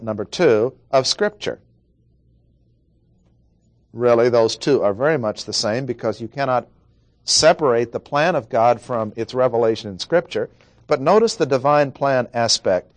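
Man, preacher, expository sermon, emphatic, deliberate, repeats points, mid pitch, dry close sound. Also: no room sound.

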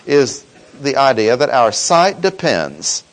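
A man preaching an expository sermon, teaching in a measured, emphatic way and slowing down to stress key words. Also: medium pitch, sing-song, low-quality recording.

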